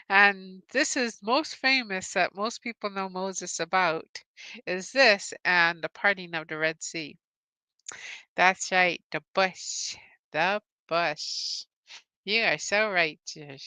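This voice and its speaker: A woman's voice: medium pitch, sharp tone, clean tone, no room sound. A woman hosting a live-stream Bible trivia game. She cheerfully greets viewers, reads out their answers and laughs often. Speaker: host.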